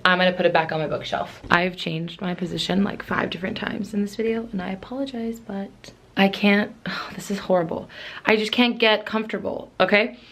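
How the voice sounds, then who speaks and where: A woman's voice: medium pitch, fairly even intonation, fairly quick, fairly bright tone, slight background noise. Chatty woman book vlogger rambling casually. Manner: rambling, lots of "like" fillers.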